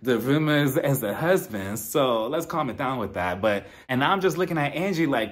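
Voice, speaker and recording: A man casually recapping a reality show reunion, animated and laughing often as he mimics the cast's lines. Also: medium pitch, moderate pace, few pauses. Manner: animated, acts out cast members' lines in mimicking voices. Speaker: reality TV reviewer.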